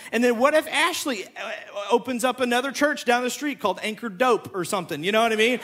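A man who is a pastor, preaching a sermon and acting out both sides of a conversation in an animated storytelling way. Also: extremely high pitch.

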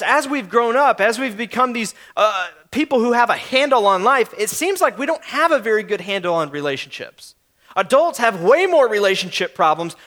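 Casting note: young male pastor, very high and bright voice, earnest conversational sermon delivery. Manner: earnest, conversational preaching with frequent restarts and acted quotes.

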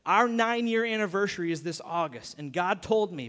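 Pastor guy preaching, pretty high voice, repeats himself a lot, big echoey church. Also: expressive, normal speed, few pauses, a bit bright. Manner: emphatic, repeats himself, acts out quoted voices. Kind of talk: sermon. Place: church sanctuary. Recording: long hall reverb.

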